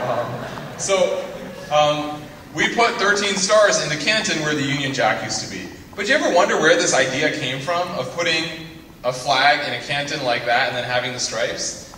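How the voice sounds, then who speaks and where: Young guy lecturing students, bright forceful voice, cracks jokes, echoey hall picked up from far off. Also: mid-range voice, a little hiss or hum. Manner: quick asides and teasing jokes. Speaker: guest speaker. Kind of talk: joking lecture to a student audience.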